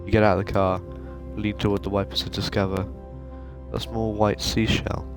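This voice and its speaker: A man reads the story text of a narrative game aloud for his video. His voice sits on the low side and stays even and steady. Game music plays clearly under every line. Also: moderate pace. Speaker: gaming video host. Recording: game music playing behind.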